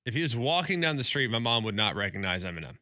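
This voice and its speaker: A man's voice: medium pitch, sing-song, quick pace, sharp tone, no room sound, studio quality. A man co-hosting a morning sports radio show, bantering casually and arguing with mock seriousness. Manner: joking, argues with mock seriousness. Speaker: radio sports talk co-host.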